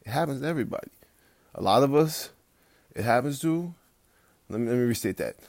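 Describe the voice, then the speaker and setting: A man with a rough, gravelly voice gives a late-night home pep talk as a fitness coach. He is blunt and swears freely, starts over often, and turns loud and heated when he rants. The sound is dry and close, with no room around it. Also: mid-range voice, animated, fairly quick, no room sound. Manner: blunt, profane, rambling with restarts.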